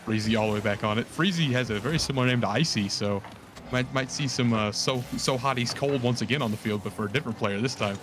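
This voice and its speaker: Guy calling esports plays, trips over his words a lot, background noise. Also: medium pitch. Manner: quick, rambling, self-correcting play calls. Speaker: play-by-play caster. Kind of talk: esports play-by-play commentary.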